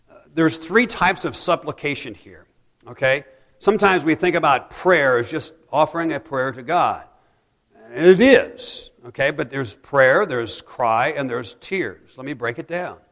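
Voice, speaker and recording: A man preaching a sermon as a pastor, rising to loud pleading cries and dropping to hushed, soft passages. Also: fairly high pitch, a little slow, in a large hall.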